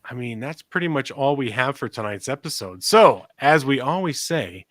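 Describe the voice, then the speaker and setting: Man in his forties, podcast co-host, rambling storyteller, dry close sound, mid pitch. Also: lively intonation, normal speed, fairly bright tone, no echo. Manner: rambling, laughs often, restarts. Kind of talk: casual podcast chat.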